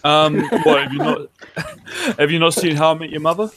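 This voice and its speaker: A man's voice: a little high, moderate pace, a bit bright. A man chatting playfully, laughing often and bantering jokingly. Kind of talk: casual chat.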